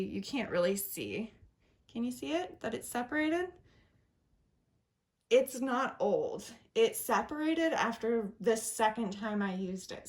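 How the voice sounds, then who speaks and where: A young woman with a slightly high voice chats casually as she reviews beauty products. She sounds upbeat and chatty, and now and then she makes small self-deprecating jokes with a little laugh. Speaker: beauty vlogger.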